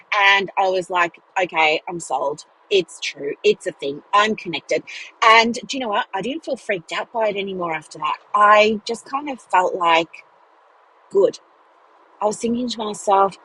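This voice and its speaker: A woman's voice: mid-range voice, fairly bright tone, husky, low-quality recording. A woman hosting a podcast, telling a personal story in a chatty, casual way with frequent fillers, speaking while driving. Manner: chatty, many "like" fillers and laughs. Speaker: podcast host, business mentor. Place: in a car, driving.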